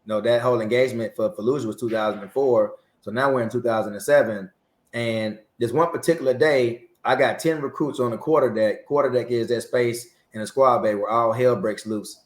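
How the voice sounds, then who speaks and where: A Marine veteran in his forties, interviewed as a guest, tells a story with energy, acting out the dialogue as he goes. His voice is mid-range and fairly quick, and the recording carries a roomy echo.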